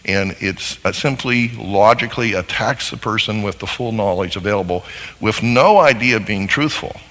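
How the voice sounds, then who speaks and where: A man with a gravelly, forceful voice teaches a live audience, his pitch swinging widely as he acts out little exchanges between people. His talk rings with a long reverb from a large hall. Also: moderate pace. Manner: animated, acts out little dialogues. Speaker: seminar speaker on marriage.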